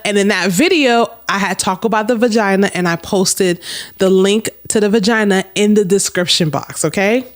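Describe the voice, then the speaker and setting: A woman's voice: mid-range voice, normal speed. A woman telling a storytime to her camera, candid and blunt, swearing freely and talking straight to her viewers. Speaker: storytime vlogger.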